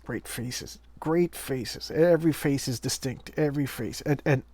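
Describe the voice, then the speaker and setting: A man casually paging through an old horror comic, talking with rambling enthusiasm and drifting into soft, quiet asides. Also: medium pitch, measured pace, no room sound. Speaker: comic collector reviewing an issue.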